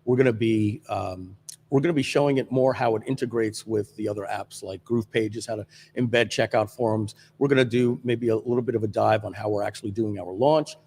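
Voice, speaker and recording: A man hosting a live software stream from a studio, talking casually with lots of fillers and restarts. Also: fairly low pitch, fairly even intonation, brisk, big-room sound, slight background noise. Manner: rambling with many fillers and restarts. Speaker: livestream host.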